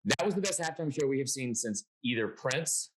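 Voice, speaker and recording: Rambling sports host from Atlanta. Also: male voice, mid-range voice, lively intonation, a little fast, rough recording. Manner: rambling storyteller with many restarts. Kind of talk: casual panel chat.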